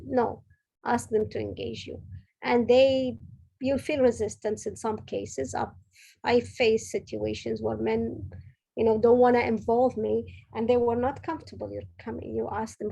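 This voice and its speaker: A woman's voice: on the high side, level tone, measured pace, vocal fry, mellow, husky, poor audio. A middle-aged woman, a senior director, giving an earnest, direct motivational talk with advice for women at work, often correcting herself mid-sentence. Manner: earnest, direct, advising with frequent self-corrections.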